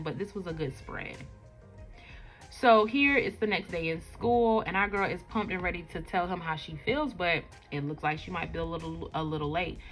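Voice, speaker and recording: A woman's voice: low-pitched, fairly bright tone. Chatty woman reading her own comic. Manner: chatty, many fillers. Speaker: webcomic creator. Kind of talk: casual comic read-aloud.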